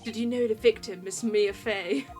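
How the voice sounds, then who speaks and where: A woman voicing a stern, calm older male judge in a video game, speaking in a measured, formal way. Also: medium pitch, faint music behind, close to an everyday voice.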